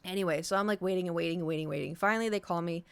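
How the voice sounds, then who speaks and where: A woman's voice: lowish voice, racing, vocal fry, clear, resonant tone. Woman, streamer, casual chat, rambling, filler-heavy, storytelling.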